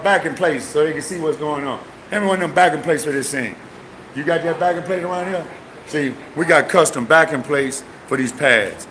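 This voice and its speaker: A man's voice: medium pitch, sharp tone, slight background noise. A man casually demonstrating his buffing pads outdoors, boasting and giving others directions. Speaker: custom airbrush painter showing his products. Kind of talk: casual on-camera demo. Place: outdoors near trees.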